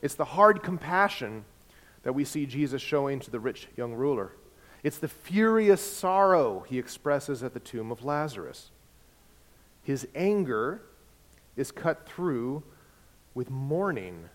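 A male pastor preaches conversationally and tells his story easily. His voice sits at an ordinary middle pitch and swings between loud and soft. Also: big pitch swings, unhurried. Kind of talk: sermon with personal anecdote.

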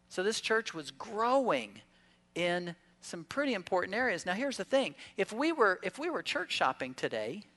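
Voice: medium pitch, a bit bright. Pastor at a church service, chatty preaching style with rhetorical questions and light jokes. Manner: conversational preaching with rhetorical questions and humorous asides. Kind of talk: sermon.

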